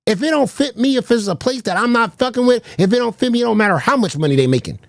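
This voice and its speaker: Guy ranting on his stream, cussing and slangy, bouncy pitch, dead dry sound. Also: animated, fast talker, gravelly, dry recording. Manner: swearing, slangy, mocking. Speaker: stream host. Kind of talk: casual ranting commentary.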